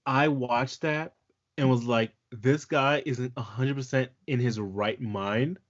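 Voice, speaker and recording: A man's voice: medium pitch, fairly even intonation, slow, dull audio. A man co-hosting a podcast in casual chat, teasing his co-host and exclaiming with casual swearing.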